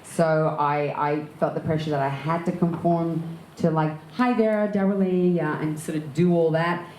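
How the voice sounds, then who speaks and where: An Australian actress tells her stories with lively energy and frequent laughter. Her voice sits a little low. It carries through a reverberant room with a faint hum of background noise. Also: moderate pace. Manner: lively, laughs often while telling anecdotes. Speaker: actor and director, interview guest. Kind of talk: candid storytelling in an onstage conversation.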